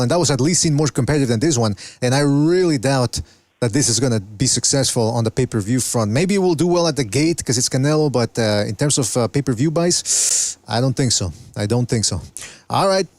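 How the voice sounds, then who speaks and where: A man's voice: medium pitch, fairly quick, darkish tone, no room sound. A man hosting a casual call-in boxing podcast, laid-back and hesitant, often searching for words. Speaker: podcast host. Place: Canada.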